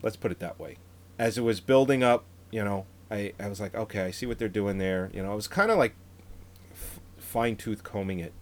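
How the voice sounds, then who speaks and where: A man in his thirties co-hosting a casual movie review podcast. He talks in a relaxed, rambling way with frequent laughs. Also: on the low side, a little fast, a little hiss or hum. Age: 30s. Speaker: podcast co-host.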